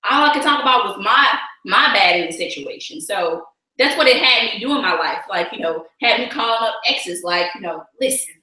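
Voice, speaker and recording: A woman's voice: medium pitch, expressive, brisk, sharp tone, heavy reverb, rough recording. A woman guest speaking candidly and reflectively in a casual faith talk. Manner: candid, reflective, talks with "like" and "you know".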